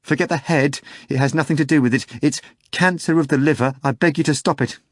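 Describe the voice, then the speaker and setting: A man's voice: mid-range voice, steady tone, moderate pace, dry recording, studio quality, voice pushed up, lightly acted. A man reading an audiobook, voicing a panicked middle-aged male bartender who begs and pleads in a raised, frantic voice. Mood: frantic pleading. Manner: frantic, begging.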